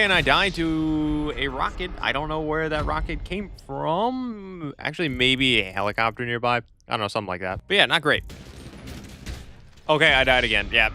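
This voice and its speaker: Bright-voiced man doing game commentary. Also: medium pitch, slight background noise. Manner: rambling, increasingly frustrated, repeats himself. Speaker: gaming YouTuber. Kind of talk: gameplay commentary.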